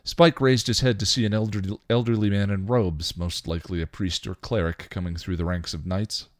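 Man, very deep voice, story narration, dry close sound. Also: steady tone, fairly quick, dry recording. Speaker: reader. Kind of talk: reading fan fiction aloud.

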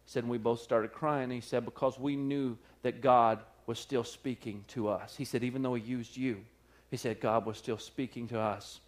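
A man preaching, telling a personal story in a sermon with lively acted-out quotes and frequent laughter. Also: medium pitch, normal speed. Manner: animated storyteller, acts out quotes, laughs often. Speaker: pastor. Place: church service.

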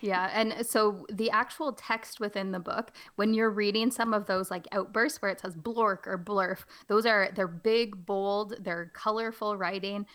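A woman's voice: steady tone, moderate pace, hardly any pauses, a bit bright. A woman, a teacher on a book podcast, chatting casually and hamming up a read-aloud with big swings in her voice. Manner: hams up reading with big pitch jumps.

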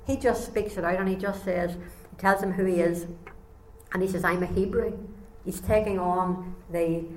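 A woman's voice: fairly low pitch, moderate pace. Woman preaching in an echoey room. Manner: animated storytelling, acting out voices. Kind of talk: sermon. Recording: echoey room, faint ambience.

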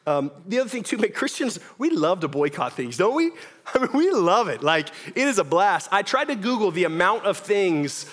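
A man's voice: sits high, sing-song, moderate pace, a bit bright. A young man preaching a sermon in a church, casual and joking, often asking "right?". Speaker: pastor. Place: church hall with audience.

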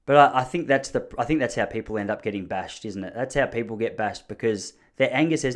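A man's voice: mid-range voice, animated, quick pace, hardly any pauses. Chatty Australian man hosting a podcast. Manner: chatty, rambling, jokey storytelling. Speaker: podcast host. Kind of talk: casual chat.

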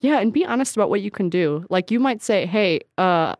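A woman co-hosting a casual advice podcast, chatty and animated, often laughing and acting out quotes. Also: mid-range voice, quick pace, no room sound, studio quality. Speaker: podcast co-host.

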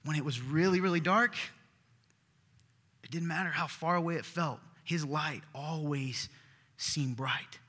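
A man preaching a sermon as pastor, earnest and emphatic, sometimes dropping to a hush. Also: fairly high pitch, measured pace, pauses often. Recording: hall reverb.

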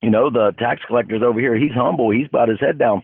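A man's voice: medium pitch, fast, creaky, breathy edge. A man hosting a casual faith talk show, blunt and fired up, speaking bluntly about believers. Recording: narrow phone-like dry sound.

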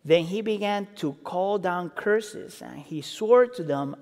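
A man preaching a sermon, acting out quoted lines and building intensity before dropping low and quiet. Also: takes it slowly, vocal fry, few pauses. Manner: expressive, acts out quotes, builds intensity then drops low. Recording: reverberant hall.

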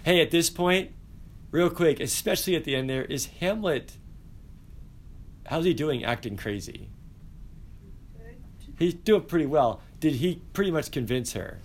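A male teacher giving an animated, playful class lecture and asking his students questions. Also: fairly high pitch, a little slow, long pauses. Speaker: high school teacher.

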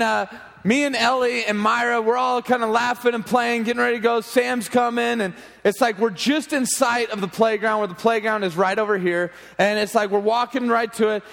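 Youth pastor guy, high voice, laughing thru a story, big hall echo. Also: gravelly. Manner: animated, laughing anecdote telling. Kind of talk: storytelling sermon. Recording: long hall reverb.

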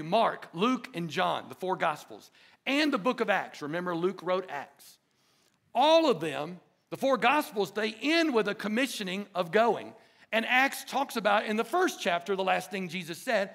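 A man with a high, gravelly voice preaches a sermon, and his tone stays bright and sharp. He leads the room in call-and-response and swells to emphatic, ringing peaks. A lilt colors his words. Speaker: pastor.

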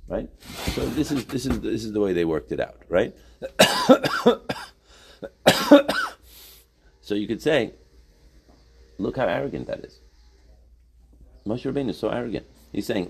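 A man's voice: lowish voice, huge pitch swings, moderate pace, vocal fry, pauses often, slightly rough. A middle-aged man teaching a Torah class in a conversational way, reading Hebrew source lines and explaining them in English, often adding "right?".

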